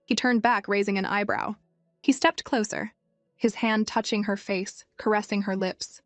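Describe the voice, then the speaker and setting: A woman's voice: medium pitch, steady tone, moderate pace, dry recording. Woman narrating a manhwa recap. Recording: dry, music faint behind.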